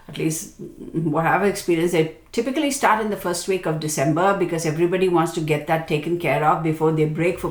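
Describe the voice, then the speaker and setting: A woman astrologer giving a casual yearly forecast, chatty and self-mocking, often checking in with her viewers. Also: low-pitched. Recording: echoey room.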